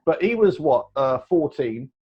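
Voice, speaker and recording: A man, telling stories as a guest in a casual chat, animated and rambling, laughing often. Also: fairly high pitch, unhurried, slightly rough. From England. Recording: dull lo-fi recording.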